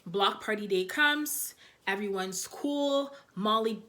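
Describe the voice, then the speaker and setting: A woman's voice: mid-range voice, slow pace, bright, forceful tone. A young woman casually reviewing TV episodes, talking loosely with lots of "like" and "you know". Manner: chatty, loose, heavy on fillers like "like" and "you know". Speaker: TV show reviewer.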